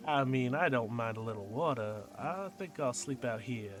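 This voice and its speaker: A sulky man shrugs things off in an offhand way, voiced by a man in his own mid-range voice. Music plays clearly behind him. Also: mid-range voice, animated, normal speed, close to an everyday voice.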